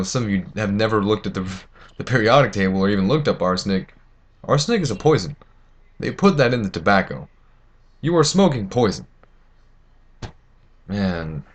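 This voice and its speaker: A teenage boy ranting to camera, indignant and rambling, with many fillers and restarts. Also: fairly low pitch. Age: teens. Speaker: vlogger. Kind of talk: opinion rant to camera.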